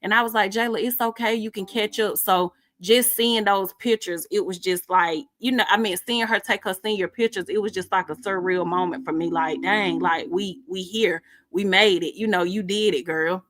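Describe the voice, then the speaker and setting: A woman's voice: mid-range voice, steady tone, normal speed, few pauses, a bit bright, dry recording. A middle-aged woman hosting a casual live stream, reading out viewer comments in a chatty, informal way and laughing often.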